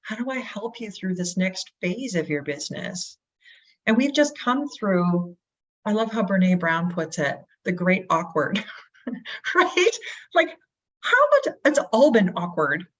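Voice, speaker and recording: A woman speaking as a guest in an interview, energetic, asking rhetorical questions and acting out quotes. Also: mid-range voice, slow. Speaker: real estate brokerage guest. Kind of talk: animated interview talk. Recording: dull lo-fi audio.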